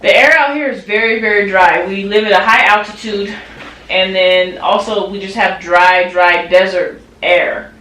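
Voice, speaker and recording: A woman's voice: medium pitch, measured pace, bright, forceful tone. A young woman, a mother co-hosting a family vlog, chatting and telling stories with frequent laughter and teasing. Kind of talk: casual family vlog chat. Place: home nursery room, indoors. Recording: roomy, distant home video.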